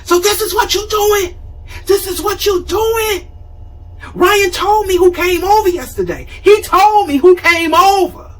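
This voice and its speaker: A woman voicing her strict, angry older mother, yelling accusations in a shrill, much higher voice. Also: a little slow, far from the mic.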